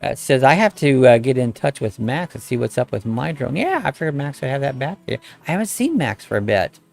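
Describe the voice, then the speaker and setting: This middle-aged live-stream host talks briskly in a rough, gravelly, mid-range voice, rambling in a folksy style as he reads comments and greets viewers by name. Quiet music plays faintly underneath.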